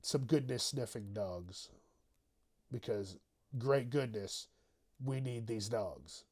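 A man's voice: medium pitch, expressive, slow pace, darkish tone. A man hosting a casual solo news podcast, rambling and swearing, often trailing off into mumbles. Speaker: podcast host.

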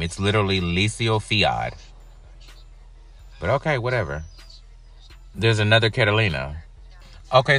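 An American man giving casual, chatty reaction commentary on a reality show, with animated, incredulous asides. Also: on the low side. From United States.

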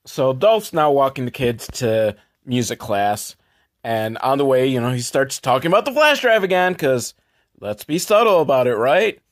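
A man hosting a comedy podcast, sarcastically recapping a film with profanity and quick mock voices for the characters. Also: medium pitch, sing-song.

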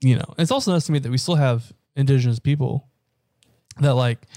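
A man's voice: mid-range voice, a little fast, mellow, no echo, clean studio sound. Rambling young American man, casual. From United States. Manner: rambling, laughing, swears casually. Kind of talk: casual chat.

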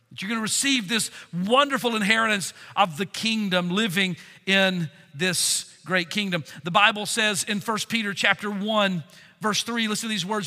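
Fervent preacher in a reverberant hall. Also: male voice, sits high, moderate pace. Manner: fervent preaching, swings from loud to hushed. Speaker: pastor. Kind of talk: sermon.

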